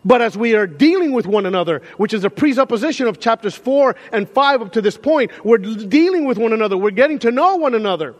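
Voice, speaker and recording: High-voiced male pastor preaching in a hall. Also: quick pace, few pauses. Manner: animated, conversational preaching with repeated restarts. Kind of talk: sermon. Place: church sanctuary.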